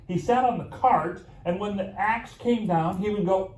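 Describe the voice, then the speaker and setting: A male pastor telling a sermon story with dramatic pauses and playful asides. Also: sits high, distant mic. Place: church sanctuary. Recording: echoey church room, mic from afar, faint ambience.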